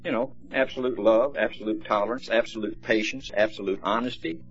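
A man's voice: fairly low pitch, brisk, pitched below the performer's own voice, natural voice. A man voicing a blunt, scolding old male mentor in a story. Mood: stern. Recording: dull lo-fi recording, faint music.

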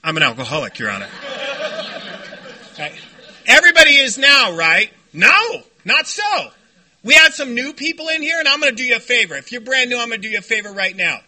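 A man speaking to a recovery meeting, telling stories in an animated, joking way and shouting when he acts out what others said. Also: very high voice, brisk. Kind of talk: storytelling talk to a meeting. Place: meeting room before a group.

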